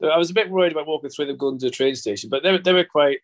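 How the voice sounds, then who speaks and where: A man's voice: a little high, rapid-fire. A man hosting a casual football podcast, jokey and chatty. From England. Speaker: podcast host.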